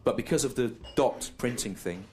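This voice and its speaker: A man doing a stand-up comedy routine on stage. He is deadpan and digressive and repeats his own lines on purpose. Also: mid-range voice. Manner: deadpan, digressive, deliberately repetitive. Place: comedy stage before a live audience. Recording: live recording with clear background noise.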